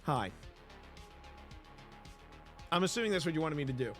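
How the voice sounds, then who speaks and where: A man's voice: on the high side, animated, very fast, soft background music. A man hosting a casual live stream, rambling and repeating himself as he greets viewers in chat by name. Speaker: livestream host.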